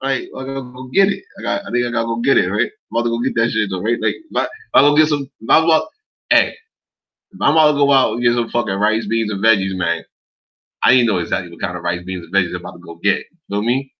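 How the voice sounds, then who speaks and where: A man's voice: fairly low pitch, fast talker. Rambling, profane man on a lo-fi stream. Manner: rambling, profane, streetwise slang. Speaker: livestream host reading viewer chat. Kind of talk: casual unscripted chat. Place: indoors in Los Angeles. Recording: dull lo-fi stream audio.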